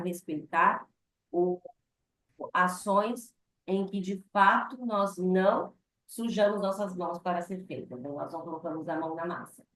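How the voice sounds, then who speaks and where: A woman English teacher talks slowly and patiently through grammar points, moving between English and Portuguese. Her voice sits a little low. The sound is roomy with a clear echo. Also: fairly bright tone. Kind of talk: online English class.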